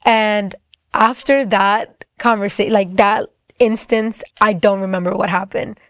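A woman's voice: mid-range voice, fairly even intonation, measured pace, a bit bright, no echo, clean studio sound. Young woman giving a casual testimony. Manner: casual, rambling, many fillers. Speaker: guest telling her story. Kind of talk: personal faith testimony.

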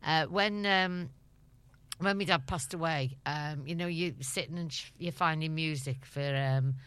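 Low-pitched middle-aged woman with a Scouse accent, lively anecdotal guest with frequent laughs. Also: measured pace, clean tone. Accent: Liverpool (Scouse). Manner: lively storyteller, laughs often. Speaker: interview guest. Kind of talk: chatty anecdotal radio interview.

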